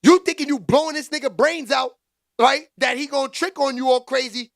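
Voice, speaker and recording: A man hosting a casual live stream, talking with the chat in slangy street talk and bursting into loud exclaims. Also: very high voice, fairly quick, vocal fry. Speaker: livestream commentary host.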